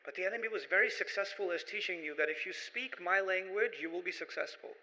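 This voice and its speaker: Intense, bright-voiced man preaching in a hall. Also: high voice, quick pace. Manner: emphatic, rhetorical repetition, rising to forceful peaks. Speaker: Islamic lecturer. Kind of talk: sermon-style lecture to an audience. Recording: echoey hall, dull lo-fi sound.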